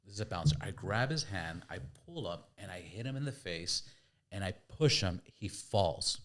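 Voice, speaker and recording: Deep-voiced guy hosting a podcast, lively storyteller, does the sound effects himself. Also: normal speed. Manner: lively, acts out sounds and quotes. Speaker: podcast host. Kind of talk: casual storytelling.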